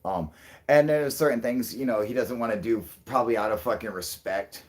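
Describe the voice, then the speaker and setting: A man hosting a casual livestream, rambling and thinking out loud with lots of fillers, frequent swearing and chuckles. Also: lowish voice, brisk. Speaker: channel host.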